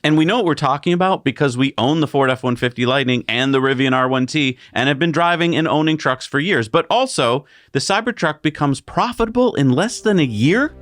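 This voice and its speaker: A man's voice: a little high, lively intonation, fairly quick, few pauses, fairly bright tone, no echo. A man hosting a news show, presenting stories and chatting with a co-host in a punchy, emphatic way.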